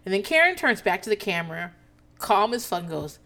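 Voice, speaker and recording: A woman casually recapping a reality TV episode, animated and profane, laughing often as she talks. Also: medium pitch, fairly quick. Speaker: TV recap host.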